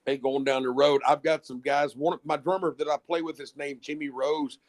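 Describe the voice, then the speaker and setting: A man's voice on the high side, fairly quick and fairly even in intonation, belongs to a middle-aged musician guest. He chats casually, telling long, rambling stories while swearing and restarting again and again.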